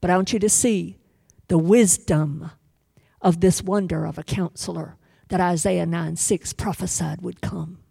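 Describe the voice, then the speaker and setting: A woman preaching a sermon with passion, rising to loud pleas and dropping to hushed whispers as she retells a scripture story. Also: fairly low pitch, fairly even intonation, measured pace, vocal fry, husky, no room sound.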